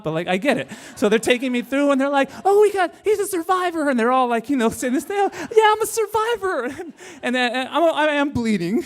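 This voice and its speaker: High-voiced man telling a story on stage. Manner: animated, acts out voices of people in the story. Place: club stage before a live audience.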